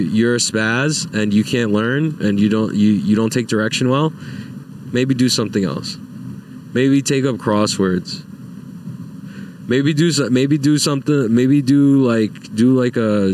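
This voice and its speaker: A young man ranting casually and profanely, exasperated and jumping into loud high-pitched outbursts. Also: moderate pace. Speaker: vlogger. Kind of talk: casual rant to camera.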